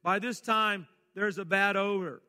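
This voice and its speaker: A man preaching a sermon, folksy, reading scripture and moving between quiet asides and loud, emphatic calls. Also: high voice, steady tone, measured pace, in a large hall. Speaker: pastor.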